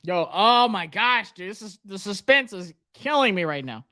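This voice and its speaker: A man's voice: high-pitched, normal speed. Young male streamer, jittery and keyed-up, live draft reactions. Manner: anxious, excited, talks to himself. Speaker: sports livestream host.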